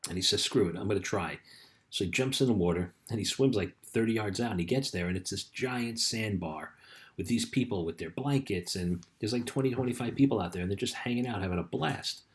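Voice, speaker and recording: A man in middle age talks like a life coach giving a relaxed pep talk. His voice sits fairly low, and he tells a story loosely, full of "you know" and "right?" asides. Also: a little fast. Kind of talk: casual motivational talk.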